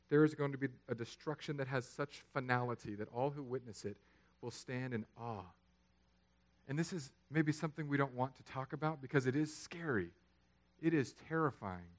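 A man, preaching a sermon that swings from loud, emphatic lines to quiet, low ones. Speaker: pastor.

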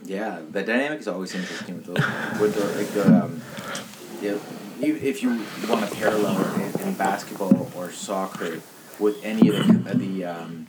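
A man's voice: deep voice, normal speed, over a noisy crowd, rough recording. A man hosting a casual chat, mostly giving short replies and prompting questions. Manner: brief interjections and prompting questions.

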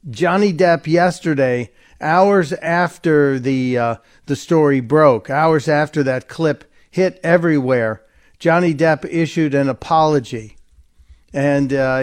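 A man's voice: fairly high pitch, darkish tone. A man hosting a talk radio show, giving an opinionated, sarcastic monologue and mocking the people he quotes.

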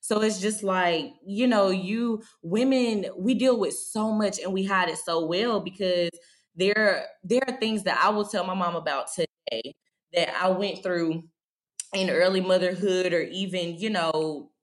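A podcast guest in her thirties shares her own story candidly and from the heart, using frequent fillers. Her voice is on the low side, and she speaks a little slowly.

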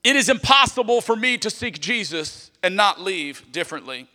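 A male pastor preaching a sermon with animated delivery, moving between loud emphasis and hushed asides. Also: high-pitched, moderate pace, long reverb tail.

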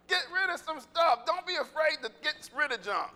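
A male pastor giving a lively, humorous sermon, talking conversationally with the congregation and laughing at his own jokes. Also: very high-pitched, moderate pace, few pauses. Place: church sanctuary. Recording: long reverb of a church hall.

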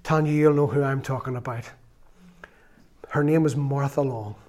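A man giving an earnest, storytelling sermon that rises into loud exclamations. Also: mid-range voice, fairly even intonation, moderate pace. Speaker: lay preacher.

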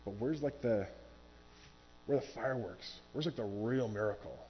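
A man preaching a sermon from a church stage, animated and acting out quoted voices. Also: medium pitch, normal speed, highs cut off, a little hiss or hum. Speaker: pastor.

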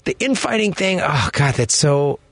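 A man's voice: on the high side, sing-song, normal speed, a bit bright, dry recording. A man co-hosting a call-in radio show, talking emphatically and opinionatedly, laughing readily. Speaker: radio co-host. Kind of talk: casual call-in talk radio.

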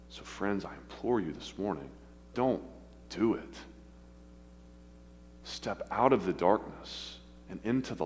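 Deep-voiced preacher in a reverberant church. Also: male voice. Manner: earnest, pleading, with confessional pauses. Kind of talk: sermon. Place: church sanctuary. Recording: long hall reverb, faint hum.

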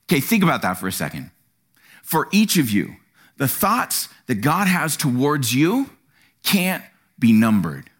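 A man preaching a sermon in a church, animated and acting out quotes. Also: unhurried. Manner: animated, acts out quotes with sudden pitch jumps. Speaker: pastor.

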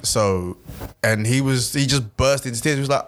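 A man's voice: mid-range voice, expressive. A man telling personal stories about grief in a casual, earnest talk. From Nigerian family. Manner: earnest, personal storytelling, quick bursts. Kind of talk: casual chat.

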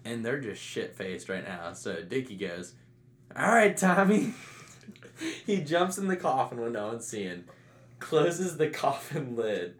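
A man telling a funny story in casual chat, breaking into loud shouted impressions. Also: medium pitch, a little slow. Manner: animated, loud shouted impressions of his dad's friends. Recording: echoey room.

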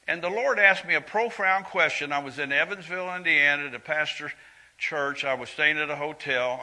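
A preacher in his seventies, speaking in a sermon with a fairly high, very bright and piercing voice. He talks earnestly and conversationally, sinking to quiet, confiding asides before rising to loud, emphatic lines, in a church. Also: rough recording. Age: 70s.

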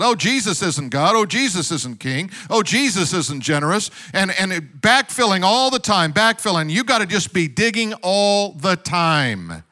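A male pastor delivers a sermon in a high, bright voice. He presses his points with rhetorical questions and calls for amens, and he drops joking asides to the congregation along the way.

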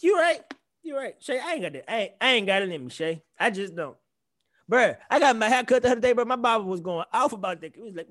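High-voiced man ranting profanely. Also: expressive, brisk, a bit bright, no room sound, studio quality. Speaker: podcast co-host. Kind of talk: casual chat.

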